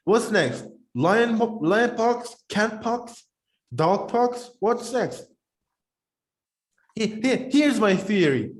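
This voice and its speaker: A man co-hosting a podcast in casual, rambling chat, animated and talking while eating. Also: high-pitched, extremely slow. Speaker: podcast co-host.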